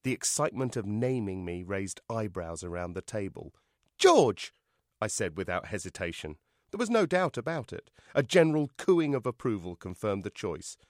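A man, the author, reading his novel aloud in an expressive, wry manner. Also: lowish voice, moderate pace, no echo, clean studio sound.

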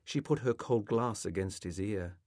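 A male author reading a passage of his literary novel aloud in a measured, expressive way, close to the microphone. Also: lowish voice, no echo.

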